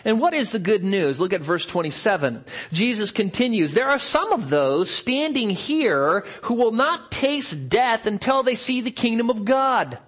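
A pastor preaching a sermon at a church service, explaining earnestly and asking rhetorical questions. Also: male voice, high-pitched, sing-song, unhurried, hardly any pauses, a bit bright, slightly rough.

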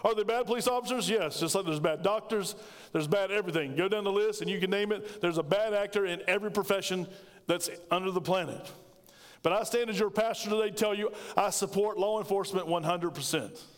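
High-voiced pastor preaching. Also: male voice, a little fast, in a large hall. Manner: emphatic, conversational preaching with call-and-response to the congregation. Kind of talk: sermon. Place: church sanctuary.

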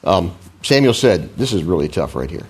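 A man's voice: sits low, sing-song, moderate pace, a little mellow, slightly rough. A man preaching a conversational sermon, with frequent restarts, asides and questions to the congregation. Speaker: pastor.

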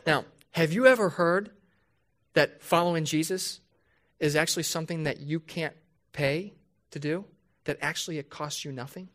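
Speaking conversationally to his congregation, a pastor delivers an emphatic sermon full of rhetorical questions. His voice is on the high side and a bit bright, and he slows down to drive key points home.

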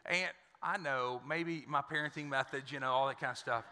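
A man's voice: medium pitch, moderate pace, few pauses, sharp tone, smooth, big-room sound. A male pastor preaching a sermon, telling stories in a conversational, joking way with many repeated words. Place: church.

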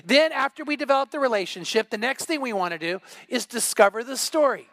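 A man's voice: very high-pitched, lively intonation, a little fast, pushed and bright, no room sound. A middle-aged man preaching a sermon as pastor, telling stories and acting out the voices in them. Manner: storytelling, acts out quoted voices.

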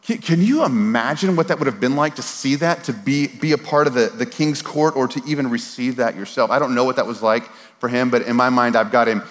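A man preaching a casual, conversational sermon, animated and informal with slang and repeated words, at times dropping to a soft, earnest voice. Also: mid-range voice, brisk, hardly any pauses. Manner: drops to a soft, quiet voice for earnest moments. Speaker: pastor. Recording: long reverb of a large hall.

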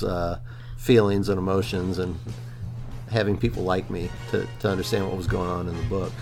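A man co-hosting a podcast, chatting casually about a book, joking and talking in loose, restarting sentences. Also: medium pitch. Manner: rambling, many fillers and restarts, jokey. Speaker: podcast co-host.

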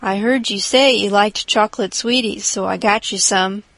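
A woman reading the part of a shy, gentle older farmer man in an audiobook, mild and sheepish. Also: mid-range voice, fairly even intonation, normal speed, creaky, dry recording.

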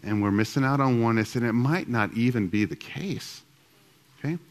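Teaching a group about marriage alongside his wife, a middle-aged man speaks at a moderate pace in a medium-pitched voice. He pokes fun at himself in a casual style, often using fillers and restarting his sentences.

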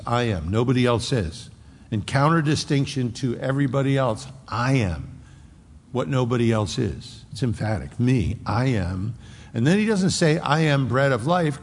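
A man with a gravelly, fry-edged voice preaches a sermon, pressing his points hard and then dropping to a hushed tone. He unpacks scripture with everyday asides. His voice carries a long reverb from a large sanctuary. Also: mid-range voice. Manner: emphatic preaching, swings from raised to hushed delivery; explains scripture with homely asides. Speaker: pastor. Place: church sanctuary.

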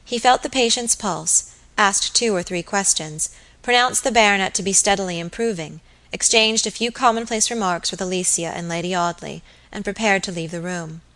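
Woman narrator for a classic novel audiobook, steady, clear, measured. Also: mid-range voice.

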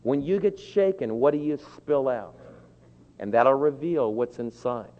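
A man preaching a sermon, animated, acting out shouted quotes. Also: mid-range voice, unhurried. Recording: dull lo-fi sound with long hall reverb.

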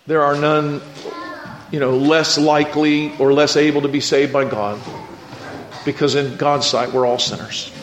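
A man preaching a lively storytelling sermon and calling on his congregation to answer back. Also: a little high, unhurried. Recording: echoey room with faint noise.

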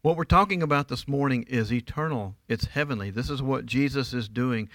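A man's voice: mid-range voice, a little fast, a bit bright, dry recording. A middle-aged man preaching a sermon in church, emphatic and often asking his listeners rhetorical questions. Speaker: pastor.

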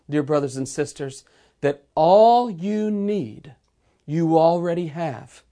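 A man preaching a sermon to an online audience in an earnest, measured way, slowing down to stress key phrases. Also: fairly high pitch, a little mellow. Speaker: pastor. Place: remote sermon streamed online.

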